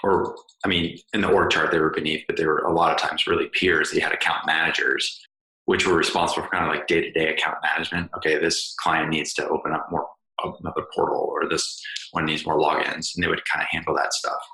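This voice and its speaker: A man's voice: extremely low pitch, little pitch movement, fast talker, vocal fry, bright, forceful tone. A man hosting an interview podcast, talking in a casual, rambling way with lots of fillers. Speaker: podcast host. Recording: roomy echo.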